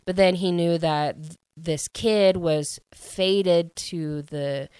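A woman casually recapping a novel's plot, chatty and animated and full of fillers. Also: lowish voice, slow pace, clear, resonant tone, dry recording. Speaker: book reviewer.

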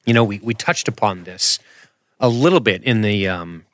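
Animated low-voiced podcast host. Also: male voice, normal speed, no echo. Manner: animated, rambling, self-deprecating, makes sound effects. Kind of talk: casual podcast commentary.

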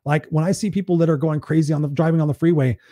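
A man's voice: a little high, steady tone, rapid-fire, dark tone, dry recording, studio quality. A man hosting a live stream, giving a blunt, preachy motivational talk in a casual, conversational way and swearing freely.

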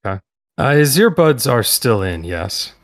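A man narrating as game master of a tabletop role-playing game, in loose, halting speech full of fillers. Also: medium pitch, very animated.

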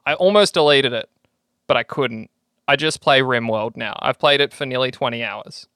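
An Australian man co-hosting a podcast in casual chat, animated, jumping up in pitch when excited and laughing as he talks. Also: normal speed, no room sound, studio quality. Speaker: podcast co-host.

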